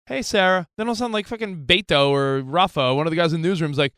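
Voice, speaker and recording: A man's voice: on the high side, clean tone, no echo. A man in his thirties, a radio host, telling a story in casual studio banter and acting out his own phone calls. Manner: animated, acts out phone calls in quick voices.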